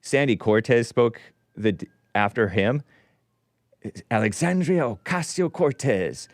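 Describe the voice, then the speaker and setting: Man, forties, talk show host, sarcastic political commentary, mid-pitched, dry recording. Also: measured pace, dry recording. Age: 40s. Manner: rambling, sarcastic, animated.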